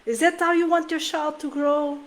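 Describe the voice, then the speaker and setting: A woman with a high voice talks to the camera about parenting in an earnest, emotional way. She often stops and restarts her sentences as she searches for words. It sounds like a casual, heartfelt vlog. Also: level tone, normal speed. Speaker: parenting vlogger.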